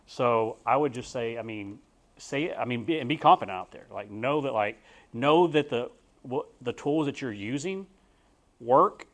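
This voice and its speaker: A man's voice: medium pitch, lively intonation, normal speed. A young man with a Texan accent, a real estate agent teaching a class in a folksy, rambling way with frequent restarts. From Texas. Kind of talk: casual spoken class talk.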